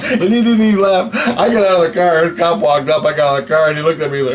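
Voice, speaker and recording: A man telling a personal story in a casual monologue, animated and profane, chuckling between lines. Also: on the high side, moderate pace, background noise. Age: adult.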